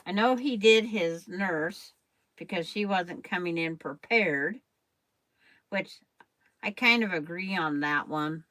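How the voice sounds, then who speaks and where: Older woman, quilting host; slow, rambling, chatty patter with a bright, lowish voice. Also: poor audio. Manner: rambling, chatty, addresses viewers by name. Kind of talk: casual chat while sewing on a live stream.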